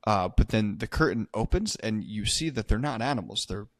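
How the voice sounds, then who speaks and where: A man with a fairly low voice talks through a horror movie with his co-host, crude and quick to joke. The sound is close and dry, with no room around it. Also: no room sound. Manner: crude, joking, animated storyteller. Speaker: podcast co-host. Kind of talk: casual movie review chat.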